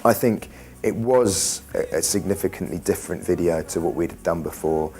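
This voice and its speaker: A man's voice: deep voice, normal speed, darkish tone. A young man in a pop band, talking earnestly and rambling in an interview. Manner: earnest, rambling, many restarts. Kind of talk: interview talk. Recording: music playing behind. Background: faint music.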